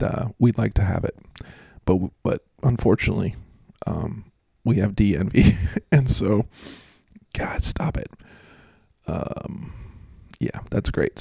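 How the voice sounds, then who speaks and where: A man talks through fantasy football matchups in a casual, joking, rambling way, mocking himself as he goes. His voice is low and gravelly with a dark, mellow tone. The sound is dry and close. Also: no room sound.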